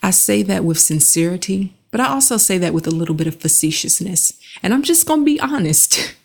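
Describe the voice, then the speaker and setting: A woman giving an earnest, measured reflective monologue that leads the listener through slow breathing, pausing between phrases. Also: fairly low pitch, expressive, gravelly, a little mellow.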